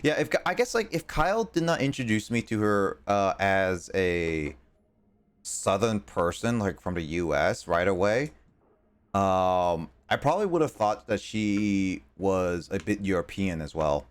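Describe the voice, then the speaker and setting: A man's voice: low voice, expressive, measured pace, clear, resonant tone. A male streamer chatting casually while playing a game, rambling with plenty of fillers. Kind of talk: casual chat while gaming.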